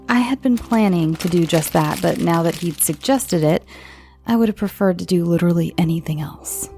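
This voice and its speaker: A woman with an American accent tells creepy stories in a soft, friendly manner, now and then sinking to a whisper. Her voice is mellow and gently gravelly. Faint music plays behind her. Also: sits low, a little fast. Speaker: host and storyteller. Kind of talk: calm horror story narration.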